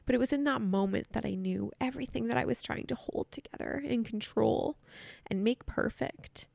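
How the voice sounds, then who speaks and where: Gravelly-voiced woman, emotional podcast storytelling. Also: a little high, moderate pace, darkish tone, no echo. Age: 30s. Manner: emotional, candid, close to tears. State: choked up. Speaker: podcast host. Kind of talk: personal storytelling.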